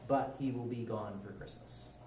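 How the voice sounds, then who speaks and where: A man, a military chaplain, introducing picture slides to a museum audience in a relaxed, measured way. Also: mid-range voice. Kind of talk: informal talk to a museum audience. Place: museum room. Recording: echoey room, distant mic, clear noise.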